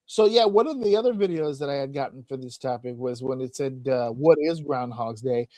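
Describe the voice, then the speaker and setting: With a mid-range voice and a slightly fast pace, a man hosting a casual podcast tells funny stories, swearing freely and acting out voices as an animated storyteller. The chat is comedic and the recording dry.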